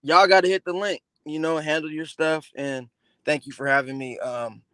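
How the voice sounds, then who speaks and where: A man calling in to a live stream, speaking haltingly with many fillers and repeats. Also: fairly high pitch, steady tone, pushed and bright, slight background noise. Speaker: call-in guest. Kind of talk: casual call-in chat.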